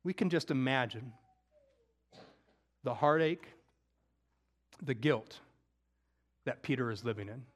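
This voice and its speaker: A man preaching a conversational sermon, acting out scripture quotes and moving between loud emphasis and hushed, intimate moments. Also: mid-range voice, lively intonation, slow pace, long pauses. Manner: conversational, with casual slang.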